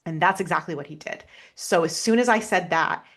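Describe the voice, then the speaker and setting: A woman, a podcast guest, telling a personal story in an earnest, halting way, with many restarts and fillers. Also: lowish voice, fairly bright tone.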